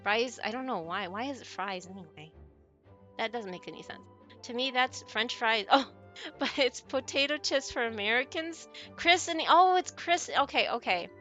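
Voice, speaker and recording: A woman's voice: fairly high pitch, expressive, normal speed, sharp tone, faint music behind. A woman streamer chatting casually with her viewers while she plays a game, giggling often and answering messages from chat.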